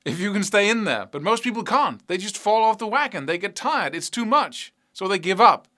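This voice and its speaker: A man teaching guitar technique, explaining with vivid analogies and rhetorical questions in an animated way. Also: sits high, moderate pace. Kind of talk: instructional talk to camera.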